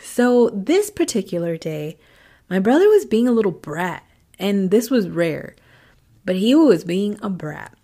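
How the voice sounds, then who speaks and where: Woman storyteller, casual and animated, acts out lines and drops to whispers for effect. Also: medium pitch, a little slow.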